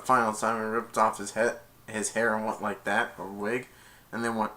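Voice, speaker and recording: A man retells a movie scene by scene in a loose, excited ramble, stumbling over restarts and chuckling along the way. His voice has a bright, forward edge. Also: fairly low pitch, normal speed. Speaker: movie reviewer. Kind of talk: casual movie recap.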